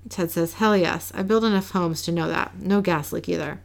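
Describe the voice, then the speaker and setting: A woman co-host with a gravelly edge to her voice talks through a TV episode scene by scene. She reads the quoted dialogue in a flat, low-key way, with no big character voices. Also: normal speed. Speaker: podcast co-host recapping an episode. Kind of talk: casual recap, reading dialogue aloud.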